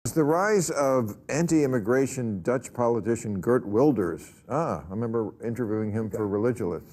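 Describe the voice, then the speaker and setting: A male talk show host chatting casually with a guest, wry and quick with a quip. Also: mid-range voice, expressive, a little mellow. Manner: wry, quipping, chuckles often.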